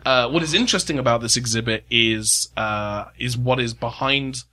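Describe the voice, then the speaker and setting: A man acting as game master, narrating scenes in a tabletop role-play with many pauses and restarts. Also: medium pitch, sharp tone. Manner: halting, full of fillers and restarts while describing scenes.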